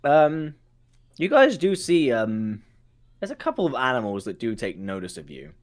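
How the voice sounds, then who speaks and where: A man narrating a tabletop game as game master, halting with many fillers. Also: mid-range voice. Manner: halting, many ums, lively voicing of guards.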